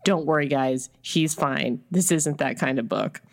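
A woman's voice: rumbling low, measured pace, gravelly. A woman co-hosting a podcast, casually retelling a story and quoting the characters as she goes. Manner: chatty, retells scenes with quoted voices. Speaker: podcast co-host. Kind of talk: casual book discussion.

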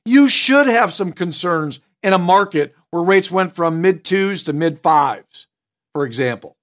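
A middle-aged man leads a recorded sales training seminar, his high-sitting voice expressive and fairly bright as he talks a little slowly. Direct and emphatic with punchy asides, he changes his tone to play the part of customers.

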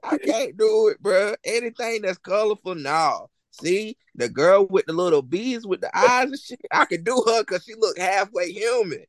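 Blunt North Carolina man, very lively pitch. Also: normal speed, few pauses, no room sound. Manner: blunt, crude, laughing. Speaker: podcast co-host. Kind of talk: casual chat.

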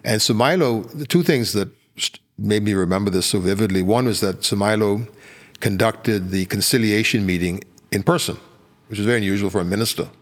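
Speaking fairly quickly in a fairly low voice, this older former politician from the Bahamas shares stories on a podcast. His Bahamian accent comes through as he fills his anecdotes with fillers and false starts.

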